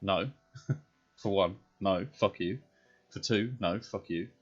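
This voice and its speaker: A man's voice: low voice, slow pace, breathy edge, muffled recording. A British man streaming a game, ranting bluntly and swearing in casual chat. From Britain.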